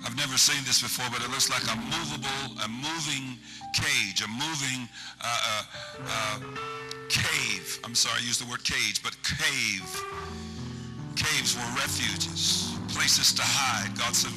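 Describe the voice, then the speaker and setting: A man's voice: medium pitch, measured pace, rough recording. A man preaching a sermon and praying prophetic declarations over people, speaking in tongues at times. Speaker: pastor. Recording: church service with loud music behind. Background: loud organ or keyboard music.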